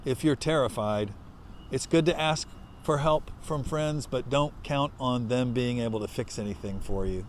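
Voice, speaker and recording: A male pastor preaching a sermon as conversational storytelling that breaks into loud impassioned outbursts. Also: medium pitch, normal speed, a little hiss or hum.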